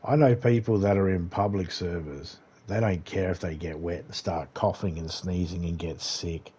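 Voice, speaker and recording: This Australian guy livestreams a game and chats casually, laid-back and rambling, with the odd swear word. His low voice is warm and slightly rough, with fairly even intonation and a moderate pace, typical of a gaming streamer's relaxed commentary.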